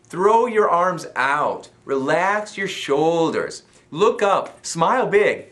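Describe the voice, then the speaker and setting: A man's voice: mid-range voice, pushed and bright. An American man giving an upbeat motivational talk as a self-help coach, laughing often and acting out little voices.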